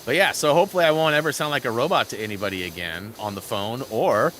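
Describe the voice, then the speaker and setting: A man hosting a gaming channel talks quickly in a mid-range voice, with a little hiss or hum in the audio. Over gameplay, he spins rambling, animated stories into his headset mic and reads chat aloud.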